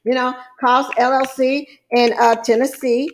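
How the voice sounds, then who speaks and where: A woman's voice: high voice, little pitch movement, measured pace, a little hiss or hum. A middle-aged woman, walking viewers through online business forms in a folksy, chatty way. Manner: folksy, chatty, calls viewers guys and child. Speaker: trucking business coach. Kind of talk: screen-share tutorial.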